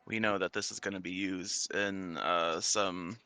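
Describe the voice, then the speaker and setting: A man player answers in a hesitant way, full of fillers. His low voice has a gravelly edge and a bright tone, and the sound is dry and close. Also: steady tone, a little slow, no echo. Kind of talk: casual in-character play.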